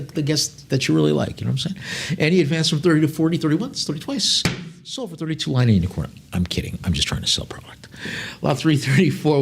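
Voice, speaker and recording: A man's voice: medium pitch, gravelly, a little mellow, breathy edge. A man working as an auctioneer at a live online sale, rattling off bid calls and tossing in chatty jokes between lots.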